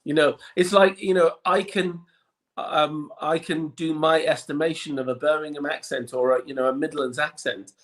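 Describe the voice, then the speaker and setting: Liverpudlian man, a touch higher-pitched. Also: steady tone, moderate pace. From Liverpool, England. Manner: chatty, frequent restarts and ums. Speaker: guest. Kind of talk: relaxed interview chat.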